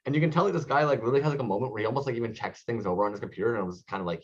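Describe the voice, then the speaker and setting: A man's voice: mid-range voice, very fast, hardly any pauses, slightly rough. Co-host, casual man, rambling storyteller, muffled lo-fi video-call audio. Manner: rambling, animated storytelling with lots of "like". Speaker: podcast co-host.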